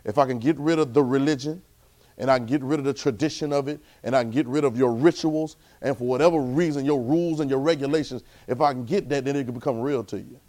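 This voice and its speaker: A man preaching a sermon to a Bible class, colloquial and calling out to his listeners, rising to loud exclamations. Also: fast. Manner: rising to loud, high-pitched exclamations for emphasis; colloquial, calls out to the audience.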